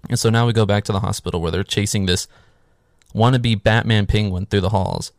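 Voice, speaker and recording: A man's voice: lowish voice, fairly even intonation, a little fast, no room sound, clean studio sound. A man casually recapping a horror movie in a sarcastic, swearing, offhand way. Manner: sarcastic, swears freely, filler "like".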